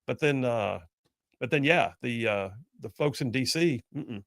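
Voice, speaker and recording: A middle-aged man with a drawl hosts a talk radio show, spinning folksy stories with jokey asides. His voice carries a gravelly edge, and the studio sound is dry and close. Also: medium pitch, animated, unhurried, dry recording. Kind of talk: casual call-in talk radio chat.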